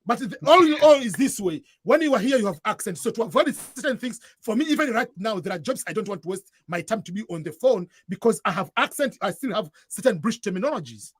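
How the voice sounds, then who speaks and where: A Swahili-speaking man from East Africa, with an East African accent, talks as a guest offering earnest advice to newcomers in a casual chat, often repeating and restarting phrases. His voice is high, animated, and slightly rough, moving at a quick pace with hardly any pauses. There is no room sound.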